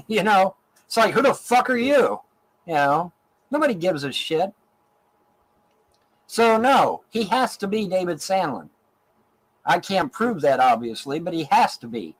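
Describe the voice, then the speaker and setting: A man's voice: high-pitched, low-quality recording. A middle-aged man from Ohio ranting angrily in a profane, repetitive stream monologue. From Ohio, USA. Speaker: online show host in archived clip.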